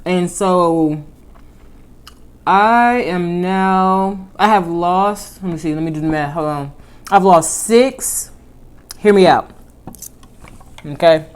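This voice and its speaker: A woman vlogger telling a personal story in casual chat, animated, with lively swings in pitch and volume. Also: takes it slowly, pauses often, clean tone.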